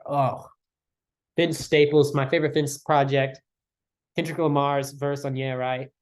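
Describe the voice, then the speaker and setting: A man's voice: mid-range voice, a little mellow. A young man ranking his favorite albums in casual chat, enthusiastic and rambling, slangy and full of fillers.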